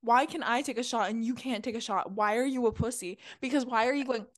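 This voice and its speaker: A woman's voice: on the high side, fast talker, no room sound, clean studio sound. A young woman co-hosting a podcast, ranting bluntly and profanely in casual chat. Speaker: podcast co-host.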